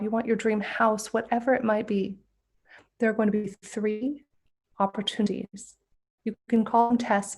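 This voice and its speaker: A woman speaks at a mid pitch, earnest and gently persuasive as she tells stories in a spiritual talk. Her delivery is inspirational and unhurried in tone.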